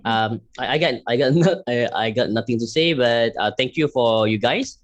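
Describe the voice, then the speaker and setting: A man's voice: medium pitch, lively intonation, normal speed. A shy man with a Malaysian accent, a trainer, talking hesitantly and giggling in a casual online meeting.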